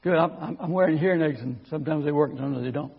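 Speaking at a racing pace, a husky, high-voiced man serves as guest preacher, delivering a church sermon built around his own testimony. His storytelling is chatty and folksy, full of stumbling restarts, and the lo-fi, muffled recording has a big-room sound.

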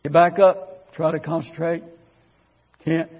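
A man's voice: fairly high pitch, little pitch movement, measured pace, in a large hall, lo-fi sound. A man preaching in a church, telling his own story in a folksy, conversational way with stammered restarts. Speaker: guest preacher. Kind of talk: sermon with personal testimony.

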